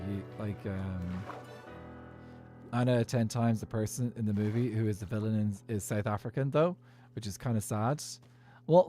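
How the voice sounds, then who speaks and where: A man's voice: on the low side, darkish tone, dry recording. A man with an Irish accent, chatting casually and rambling off on tangents while livestreaming a game. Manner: rambling, digressive, laughs often. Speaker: streamer.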